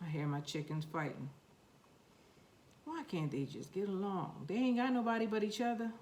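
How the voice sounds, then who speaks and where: A woman's voice: medium pitch, moderate pace, a little mellow, a little hiss or hum. A woman with a New York accent, chatting to herself and her seeds while planting them in a casual gardening vlog. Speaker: gardening vlogger.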